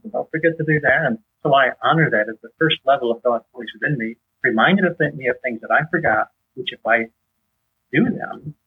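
A man with a husky voice, a guest in an interview, teaching on faith in a conversational way and animatedly acting out dialogue. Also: a little hiss or hum. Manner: animated storyteller, acts out dialogue with rising pitch. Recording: tinny phone-line sound.

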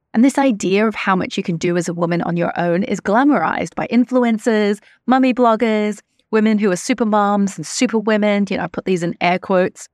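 A woman hosting a solo podcast, talking in an earnest, reflective and measured way. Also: lowish voice, no echo, studio quality. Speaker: podcast host.

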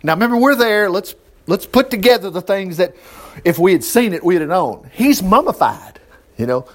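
A preacher, teaching a Bible passage in a chatty sermon full of rhetorical questions. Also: male voice, high-pitched, sing-song, moderate pace.

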